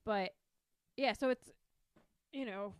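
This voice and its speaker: A woman's voice: mid-range voice, slow pace, clean tone, no echo. A woman co-hosting a podcast, chatting enthusiastically about a board game and rambling a little. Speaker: podcast co-host. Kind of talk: casual board game chat.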